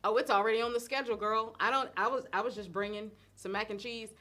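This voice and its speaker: A middle-aged woman, chatting casually on a live stream as a host and cook, animated and laughing often. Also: fairly high pitch, quick pace, faint music behind. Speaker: host and cook answering viewer questions.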